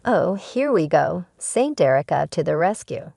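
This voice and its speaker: A scornful younger sister who snaps back and mocks her sibling, read out by a woman narrator. The voice sits low with a gravelly edge. It is recorded close and dry. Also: very animated, unhurried, warm tone, no room sound, full character voice. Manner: snappish, mocking.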